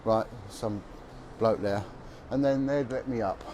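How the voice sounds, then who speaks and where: A man's voice: fairly low pitch, a little slow, warm tone, a little hiss or hum. A man who is a former police officer, telling stories bluntly and with emphasis as he walks down a city street. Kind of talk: walking vlog monologue.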